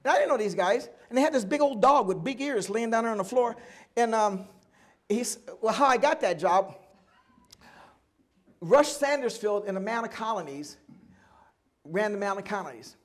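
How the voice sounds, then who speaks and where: An older man with a notably high voice tells stories from his life at a live oral history event. He talks animatedly, slips into the voices of the people in his tales and laughs easily along the way. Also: normal speed, pauses often. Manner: animated storyteller acting out other people's lines, often laughing. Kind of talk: live storytelling talk.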